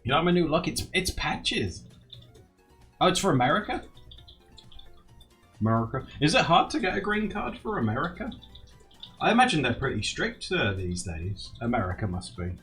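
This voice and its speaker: A man's voice: fairly high pitch, very animated, normal speed, pauses often, a bit bright, faint music behind. A man chatting casually on a live stream, giggly and playful. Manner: giggly, playful, bouncing between voices.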